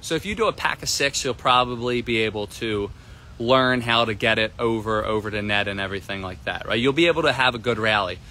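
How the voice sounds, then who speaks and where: A man teaching a tennis lesson on a live stream from an outdoor court, energetic and repetitive, often asking "right?". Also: on the low side, fairly quick. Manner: energetic, repeats himself, keeps asking "right?". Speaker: tennis coach.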